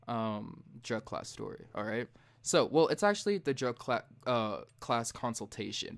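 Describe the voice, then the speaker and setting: A young man hosting a late-night podcast in a loose, profane, heated storytelling style. His voice sits at an ordinary middle pitch and leaps up sharply when he acts out his own outbursts. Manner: profane, heated, animated retelling; jumps high and loud when mimicking himself. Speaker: podcast host.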